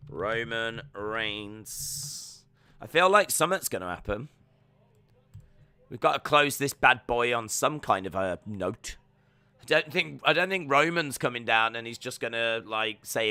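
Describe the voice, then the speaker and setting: Chatty streamer, bright tone, dry mic, reads chat and riffs on the show. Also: male voice, medium pitch, lively intonation, a little slow, clean tone, no room sound. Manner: joking, rambling, reads viewer comments aloud. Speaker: watch-along streamer. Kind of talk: live reaction stream, reading chat.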